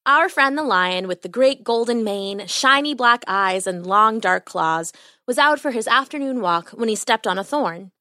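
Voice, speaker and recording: A woman reads a children's story aloud, her voice bright and rising and falling a great deal. The sound is close and dry, as if right at a studio mic. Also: on the high side, moderate pace, dry recording. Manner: animated, expressive storytelling. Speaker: podcast host and storyteller. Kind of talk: children's bedtime story narration.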